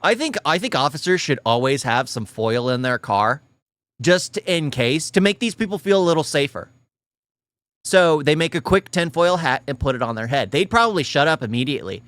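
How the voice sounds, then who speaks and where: A man's voice: a little high, animated, normal speed, a bit bright, dry recording. A man hosting a reaction video and commenting on a clip in a sarcastic, exasperated way. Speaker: reaction channel host.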